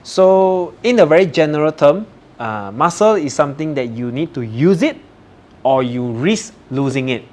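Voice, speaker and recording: A man's voice: on the high side, lively intonation, moderate pace, darkish tone. A man hosting a podcast, asking a guest questions and often saying "okay" as a filler. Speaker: podcast host. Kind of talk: interview questions.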